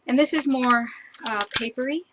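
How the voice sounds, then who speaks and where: A woman's voice: sits high, normal speed, noisy background. Chatty woman on a craft stream. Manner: chatty, laughs often, admiring asides. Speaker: crafter showing papers. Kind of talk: casual live-stream craft demo.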